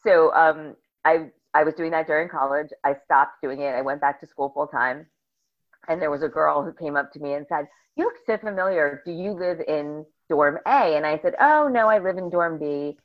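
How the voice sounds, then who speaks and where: A middle-aged woman from northern New Jersey, a bubbly, animated guest telling stories in a casual interview. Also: deep voice, normal speed. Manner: bubbly, animated storyteller who acts out quotes. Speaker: podcast guest. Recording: slightly dull lo-fi audio.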